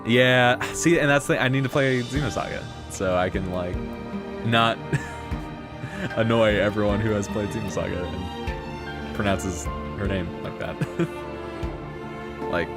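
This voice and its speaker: A man's voice: on the low side, unhurried, pauses often. A man chatting casually while live-streaming a game, rambling with lots of fillers and playful slang. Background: game music.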